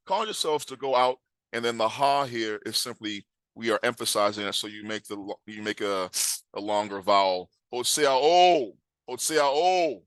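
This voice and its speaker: A man teaching a scripture class, emphatic, quizzing his listeners and reading words aloud slowly. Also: lowish voice, a bit bright, no room sound.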